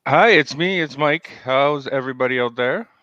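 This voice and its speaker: A laid-back male co-host ribbing his partner, mid-pitched and easygoing. His voice comes through muffled, lo-fi call audio with a dry, close sound. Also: normal speed, pushed and bright, no echo. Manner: laid-back, teasing, laughs easily. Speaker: podcast co-host. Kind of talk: casual livestream podcast chat.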